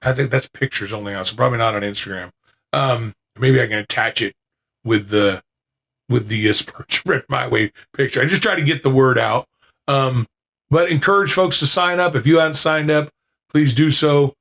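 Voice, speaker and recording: A man's voice: mid-range voice, normal speed, fairly bright tone. A man hosting a podcast, chatting casually to listeners in a rambling way, with lots of fillers and restarts, into a podcasting mic with noise reduction. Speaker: podcast host.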